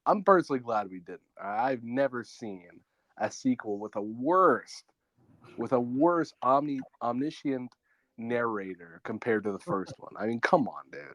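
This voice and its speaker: A man's voice: medium pitch, lively intonation, normal speed, no room sound. A man co-hosting a podcast from home, chatting casually and giving blunt opinions on films. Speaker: podcast co-host. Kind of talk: casual chat.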